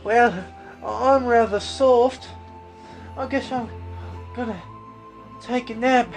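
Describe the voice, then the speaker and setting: A woman's voice: fairly high pitch, steady tone, takes it slowly, soft background music. A woman voicing a timid, whiny young boy who is a prince.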